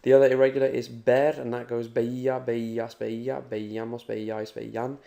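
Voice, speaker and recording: Gravelly upbeat man teaching. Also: medium pitch, level tone, moderate pace, mellow. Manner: upbeat, talks straight to the learner. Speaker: Spanish teacher. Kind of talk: recorded language lesson.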